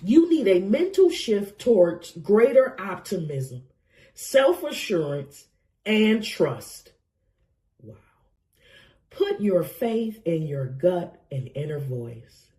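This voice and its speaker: A woman's voice: medium pitch, big pitch swings, slow, mellow. A woman getting over a cold, giving an emotional, effusive tarot reading to camera and laughing often. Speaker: tarot reader.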